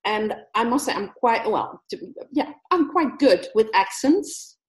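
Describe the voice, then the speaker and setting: A woman guest telling a story in a casual interview, animated, laughing often and mimicking accents. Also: a little high, unhurried, reverberant. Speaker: guest speaker.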